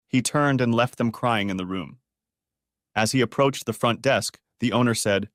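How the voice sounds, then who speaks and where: A man narrating a scripted story with steady storytelling. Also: medium pitch, normal speed, no room sound, clean studio sound.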